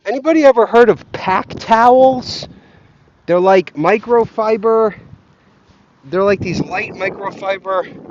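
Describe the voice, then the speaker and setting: A high-pitched man rants as he walks, swearing freely and drifting from point to point. The recording is muffled and lo-fi. Light wind noise rustles behind him. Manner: profane, scattered, easily distracted. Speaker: vlogger. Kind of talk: rambling walk-and-talk rant. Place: outdoors on a windy walk.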